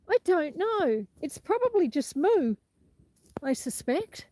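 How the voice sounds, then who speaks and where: A woman with an Australian accent hosts a casual livestream outdoors on a windy farm, laughing easily, greeting viewers by name and reading their comments aloud. Her fairly high voice is warm and animated at a slow pace, with no room sound.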